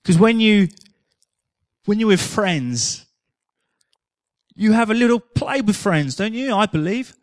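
Man preaching, high voice, dry close sound, chatty with jokes and stories. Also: expressive, slow, pauses often, dry recording. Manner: chatty storytelling with humour. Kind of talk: sermon.

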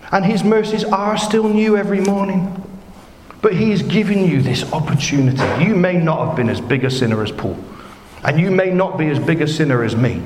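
Earnest preacher in an echoing hall. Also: male voice, on the high side, slight background noise. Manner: earnest, emphatic, builds with rhetorical questions. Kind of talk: sermon. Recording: echoey hall with long reverb.

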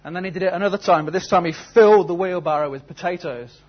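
A man's voice: high-pitched, quick pace, muffled recording. A man preaching a sermon, telling a story and then asking earnest, searching questions. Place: church service.

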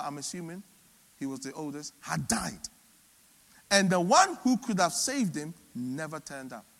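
A man preaching a sermon, swinging between loud emphatic peaks and soft low asides. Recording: long hall reverb.

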